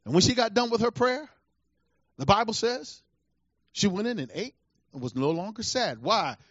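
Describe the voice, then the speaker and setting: Male pastor, middle-aged, lively high voice, preaching with dramatic character voices, dry lo-fi sound. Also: normal speed, no room sound. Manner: animated preaching, acting out scripture voices, laughing asides. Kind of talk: sermon. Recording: dull lo-fi sound.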